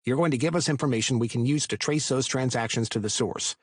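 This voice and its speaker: A man voicing a stern male cop who speaks in a clipped, forceful way. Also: medium pitch, fast, slightly rough, no room sound, studio quality, voice pushed up, natural voice. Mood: threatening.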